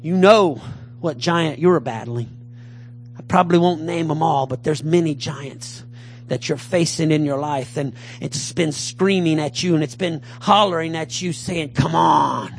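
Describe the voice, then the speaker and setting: A man preaching a fervent sermon, swinging between loud calls and low mutters as he acts out a taunting giant. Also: a little slow, vocal fry, slight background noise.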